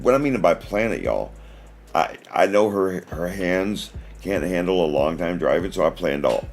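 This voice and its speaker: Man in his forties, livestream host, very low pitch and lively delivery, a rambling storyteller, faint music underneath. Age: 40s. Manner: rambling storytelling with many restarts. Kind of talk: casual livestream chat.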